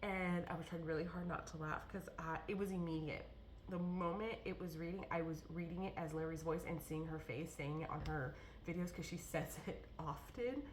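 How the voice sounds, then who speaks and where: Low-voiced chatty woman vlogging. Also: moderate pace, slight background noise. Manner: rambling, chatty, lots of fillers and restarts. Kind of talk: casual vlog chat.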